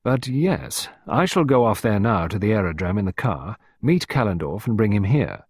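A man reading aloud and voicing a self-important government official husband who speaks gravely and solemnly about secrets. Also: fairly low pitch, big pitch swings, moderate pace, dry recording, exaggerated voice.

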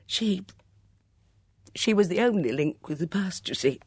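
An audiobook reader voicing a proud, lonely older woman, halting and emotional with grief, in a storybook reading. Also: medium pitch, animated, a little mellow, husky, no room sound, clean studio sound, voice pushed up. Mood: grieving.

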